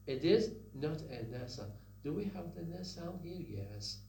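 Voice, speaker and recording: A man's voice: fairly high pitch, animated, measured pace, gravelly, mellow, recorded from a distance. A man teaching phonetics in a recorded lecture, repeating sounds and words and asking the listeners questions. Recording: echoey room with faint hum.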